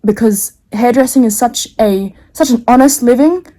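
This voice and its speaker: A woman's voice: a little high, normal speed, dark tone. A young woman telling a rambling, embarrassing story to camera, often breaking into laughter and slang. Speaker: vlogger.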